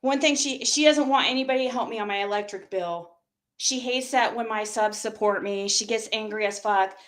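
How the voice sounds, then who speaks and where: A woman's voice: fairly high pitch, brisk. A woman livestreamer in a heated, profane rant, talking straight to her chat.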